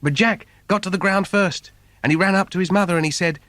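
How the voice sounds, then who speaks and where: A man's voice: sits high, quick pace, a bit bright, dry recording. A man reading a comic fairy tale for children in a playful, sing-song storyteller manner. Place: recording studio. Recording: dry studio recording.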